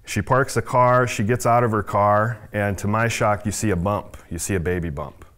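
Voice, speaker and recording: A man's voice: fairly low pitch, clear, resonant tone. Earnest man telling his testimony. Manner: earnest, with many fillers and restarts. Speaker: ministry leader. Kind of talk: personal testimony talk.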